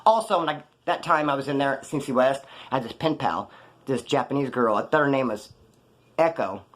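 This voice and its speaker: A man's voice: medium pitch, lively intonation, brisk. A man casually telling rambling, profane prison stories off the cuff, full of slang. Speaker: storyteller recounting his prison past.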